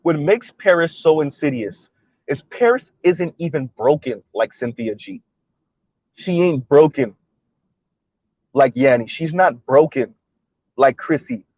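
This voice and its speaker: A man's voice: fairly high pitch, lively intonation, unhurried, long pauses, darkish tone, dry recording, lo-fi sound. A man hosting a commentary monologue, pressing his points with repeated rhetorical questions. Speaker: commentary video host.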